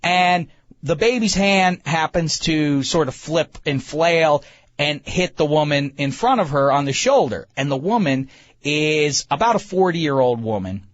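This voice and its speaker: A man, host of a talk show, telling a comic story in an animated, self-mocking way with many stammering restarts. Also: on the high side, measured pace, dry recording, muffled recording. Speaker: podcast host.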